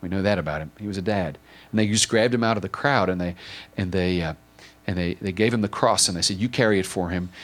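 A man preaching an informal sermon, retelling a story in an earnest, halting way with many repeated words and restarts. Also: low voice, a bit bright. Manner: earnest and emotional.

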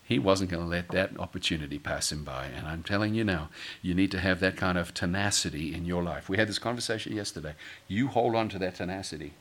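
A middle-aged male pastor preaching a sermon, acting out quoted voices and building to loud, forceful peaks. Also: low voice, fast. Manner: dramatic, acts out quoted voices, rises to shouting peaks.

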